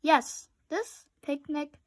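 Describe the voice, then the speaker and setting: Woman doing a panicky high-pitched storybook rabbit. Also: extremely slow. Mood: eager.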